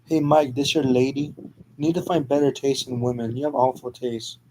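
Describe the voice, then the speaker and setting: A rude, wisecracking cab driver, as a man puts him on in a homemade fan storybook reading. His lines are slangy and mocking, pitched a bit higher than the narrator's own voice. He talks down to his passengers with sarcasm. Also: steady tone, moderate pace, dark tone, slight background noise, natural voice, rough recording.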